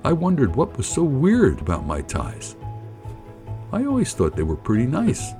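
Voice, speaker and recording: A middle-aged man telling a personal story in an animated, colloquial, jokey way. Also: mid-range voice, normal speed, soft background music. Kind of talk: personal anecdote narration.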